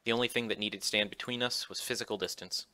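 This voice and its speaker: A man voicing a young woman in a visual novel who waits for her sailor love, reading softly and tenderly. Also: on the low side, fairly even intonation, fast. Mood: wistful. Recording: faint music behind.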